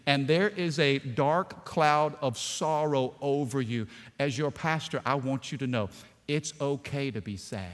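A male pastor preaching a sermon, animated and emphatic, often rising in force. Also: mid-range voice, big-room sound.

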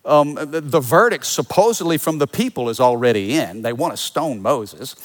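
A man's voice: medium pitch, expressive, moderate pace. A male pastor preaching a sermon in a conversational way, with restarts and asides to the congregation.

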